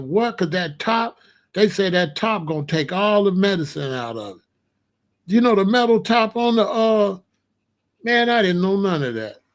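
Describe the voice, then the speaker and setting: Slangy, emphatic man talking casually. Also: sits high. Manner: slangy, emphatic, animated disbelief. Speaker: vlogger. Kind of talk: casual monologue to camera.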